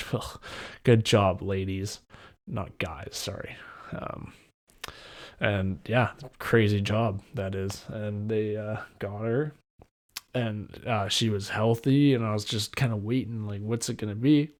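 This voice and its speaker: A young man with a slightly low voice hosts a casual solo podcast. He rambles through a personal story, often restarting his sentences, and his retelling runs excited and loose. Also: slow pace. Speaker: podcast host.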